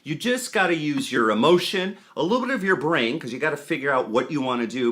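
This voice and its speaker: A man's voice: a little high, very animated, a little fast, hardly any pauses, a bit bright. A man giving a casual guitar lesson, counting beats aloud as he explains rhythm and accents. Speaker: guitar teacher. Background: guitar playing.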